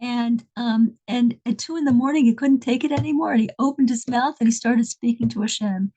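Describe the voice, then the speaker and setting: A woman telling a faith story in a high, clear voice. She speaks earnestly, often pausing and restarting her sentences. Her telling is halting but sincere. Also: mellow, poor audio. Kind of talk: religious storytelling.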